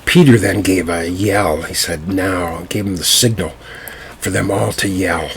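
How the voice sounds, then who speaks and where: A man telling a folk tale to listeners, unhurried, with small fillers and restarts. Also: low voice, slight background noise. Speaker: storyteller.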